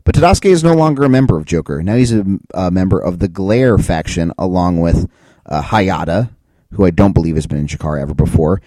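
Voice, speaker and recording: A man's voice: deep voice, animated, a little fast, mellow, dry recording. A man co-hosting a podcast in casual chat, laid-back and hedging his points with questions. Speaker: podcast co-host.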